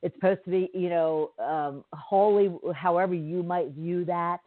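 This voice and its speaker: This woman podcast host has a lowish voice, fairly even intonation, and a moderate pace as she delivers a casual storytelling monologue. Her telling is chatty and wandering, packed with fillers and side comments. The audio is dry, echo-free, and tinny, like a phone line.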